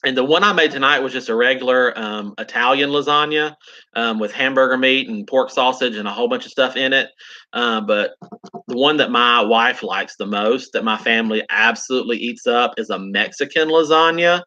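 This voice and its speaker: An upbeat man with a thick South Carolina drawl chats easily with his live-stream viewers and answers their comments as they come in. His voice is bright and forward, and the sound is a little dull and lo-fi, like a basic stream mic. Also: medium pitch, moderate pace. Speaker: gardening channel host. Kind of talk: casual live-stream chat.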